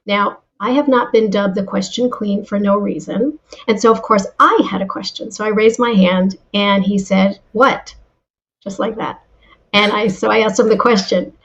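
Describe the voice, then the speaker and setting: A woman telling anecdotes and giving advice as a guest in a casual interview, with lively delivery and frequent restarts. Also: medium pitch, moderate pace, dull audio. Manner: animated storyteller, frequent restarts. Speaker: guest, former insurance seller.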